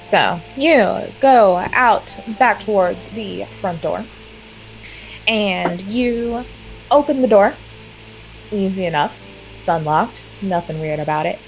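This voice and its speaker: A woman's voice: medium pitch, expressive, takes it slowly, faint music behind, poor audio. A young woman narrating as game master in a casual, chatty way.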